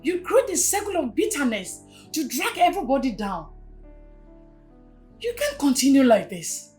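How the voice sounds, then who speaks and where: A woman's voice: sits high, very animated, normal speed, a little mellow, soft background music. An actress with a Nigerian accent playing a blunt young friend who scolds her. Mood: scolding. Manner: scolding, preachy. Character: frank young female friend, scolding and honest.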